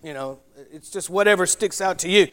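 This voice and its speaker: A man's voice: high voice, fairly quick, fairly bright tone. A man with a Southern US accent from North Carolina, preaching a sermon in a folksy, chatty way, with asides and spelled-out words. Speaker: pastor.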